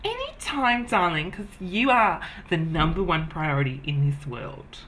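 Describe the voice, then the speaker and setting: A vain, self-adoring woman, played by a man, gushing at her own reflection in a comedy sketch. Her voice swoops up and down with lively animation and a bright, forceful edge. She flatters herself nonstop in chatty, over-the-top bursts. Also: fairly high pitch, a little slow, exaggerated voice. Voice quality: wig-wearing drag persona, chatty and gushing. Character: vain self-obsessed woman named Trish. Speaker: comedy character host.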